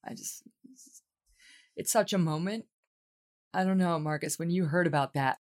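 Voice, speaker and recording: A woman's voice: lowish voice, normal speed. A woman hosting an interview, asking her guests questions in an earnest, emotional way. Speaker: podcast host.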